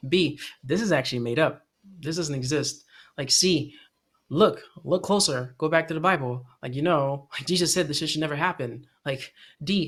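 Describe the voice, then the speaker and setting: A man co-hosting a casual podcast about poetry who talks in an animated way, laughs often, swears and uses lots of fillers. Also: on the high side, normal speed. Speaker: podcast co-host.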